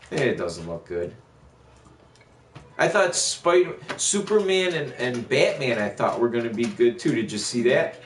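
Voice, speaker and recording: A man talking casually on a game livestream, in a voice of ordinary middle pitch. He rambles through a profane rant, full of fillers and restarts. The room around him sounds roomy and echoey. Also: lively intonation, moderate pace, a little hiss or hum. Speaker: gaming livestreamer. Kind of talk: casual chat while streaming.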